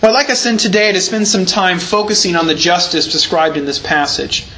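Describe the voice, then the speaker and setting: A male pastor delivers a sermon with a high, bright voice. He explains the text patiently and stresses key repeated words. Faint noise sits under the recording. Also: fairly quick, poor audio. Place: church.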